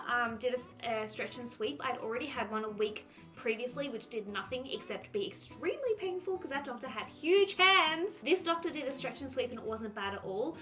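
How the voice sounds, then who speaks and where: A young woman with a lilt, her voice sitting a touch higher than most, chats to her viewers in an easy storytelling vlog. She scatters "like" through every sentence and slips into quoting herself as she goes. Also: sharp tone. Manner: chatty, heavy use of "like", acts out her own past lines. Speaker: vlogger. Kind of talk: casual storytelling to camera.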